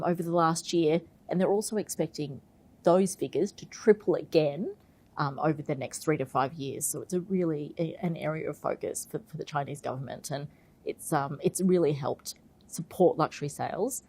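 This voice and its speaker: A woman leading research at a fund manager, answering interview questions in a relaxed, explanatory way and often saying "you know". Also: deep voice, slightly rough. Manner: explanatory, frequent "you know" fillers and restarts. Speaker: investment research head and portfolio manager. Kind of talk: conversational expert interview.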